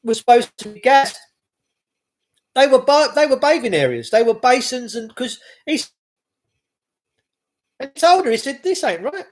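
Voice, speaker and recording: A man's voice: extremely high pitch, very animated, moderate pace, long pauses. A middle-aged man delivering an impassioned, rambling monologue, repeating himself and restarting phrases. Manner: impassioned, repetitive, with frequent restarts.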